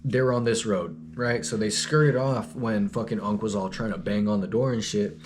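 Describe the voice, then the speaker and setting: A man's voice: on the low side, fairly even intonation, normal speed, darkish tone, slight background noise. A young man telling a story in a rambling, slangy, profane, laid-back way. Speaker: vlogger. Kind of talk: casual storytelling.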